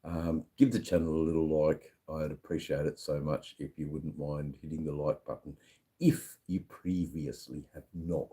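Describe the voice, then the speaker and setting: Drunk man hosting a live stream: a very low, dark, mellow voice, slurred and rambling. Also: steady tone, moderate pace. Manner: rambling, slurred, with lots of fillers. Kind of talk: casual live-stream chat. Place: sitting at a bar.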